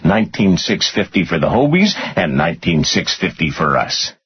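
A man's voice: deep voice, big pitch swings, moderate pace, slight background noise. A man doing a cold, menacing tough guy. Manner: cold, blunt, threatening. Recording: muffled lo-fi audio.

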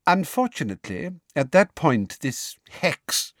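A man's voice: fairly high pitch, sing-song, unhurried, dry recording, clean studio sound, voice pushed up, exaggerated voice. A man voicing a silky, falsely sweet middle-aged witch official who turns snappish. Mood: smug.

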